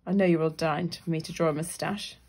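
A woman's voice: deep voice, fairly even intonation, fairly quick, a little mellow. A woman with a Northern English accent who talks through a drawing tutorial in a chatty way, thinking aloud as she sketches. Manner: chatty, thinks aloud, briefly voices her drawn characters. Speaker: illustrator teaching drawing.

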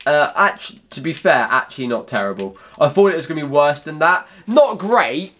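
A young man commentating on his own gameplay, talking to viewers in an excitable, chatty way and shouting at big moments. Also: fairly high pitch, moderate pace. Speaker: gaming YouTuber.

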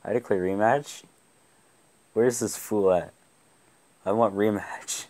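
A young man giving live gameplay commentary, excitable, often laughing and yelling at the game. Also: lowish voice, slow. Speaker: gaming YouTuber.

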